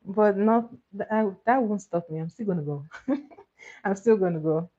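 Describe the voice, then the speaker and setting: Warm and mid-range, this woman's voice moves at a moderate pace as she hosts a makeup livestream. She chats casually with viewers while doing her makeup, replies to their comments, and laughs a lot, in a slightly muffled, dull recording.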